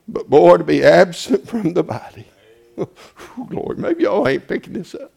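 A man preaching a fiery sermon, swinging from shouted, tearful peaks to low, quiet stretches. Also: lively intonation, measured pace, gravelly. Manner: rising to shouted, tearful crescendos, then dropping low.

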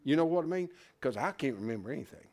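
A man's voice: mid-range voice, lively intonation, fast talker, darkish tone. A man teaching scripture to a class in a folksy, interactive sermon style, asking questions and joking along the way. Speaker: Bible study teacher.

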